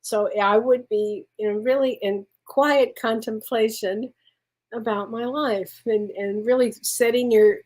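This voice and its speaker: A woman's voice: on the high side, fairly even intonation, unhurried. A woman working as a spiritual medium, answering viewer questions on a live stream in an effusive way and calling people honey. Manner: warm, effusive, laughs often, calls people honey.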